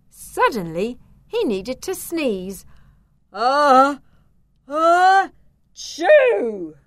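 A woman reading a children's story aloud in an expressive, unhurried way. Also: medium pitch.

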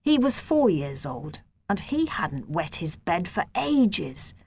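A woman reading a children's novel aloud in a gentle, measured first-person storytelling voice. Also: fairly low pitch, big pitch swings, husky. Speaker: audiobook narrator.

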